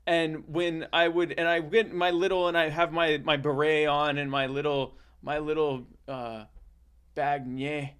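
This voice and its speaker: A man hosting a comedy podcast, telling an improvised tall tale in a rambling, deadpan way with many restarts. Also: on the high side, moderate pace, few pauses, clean tone. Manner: rambling, deadpan, self-correcting. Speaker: podcast host.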